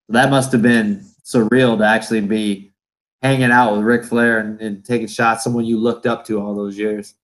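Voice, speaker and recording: A man's voice: on the low side, flat delivery, moderate pace, poor audio. A man hosting a podcast, asking questions in hesitant casual chat with many fillers. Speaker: podcast host.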